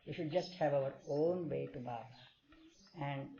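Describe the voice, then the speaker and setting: A man telling stories to a small group in a gentle, unhurried way, acting out the voices in them. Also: mid-range voice, creaky. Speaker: speaker sharing stories of his spiritual master. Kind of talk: informal storytelling talk to a small group. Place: meeting hall. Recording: dull lo-fi recording.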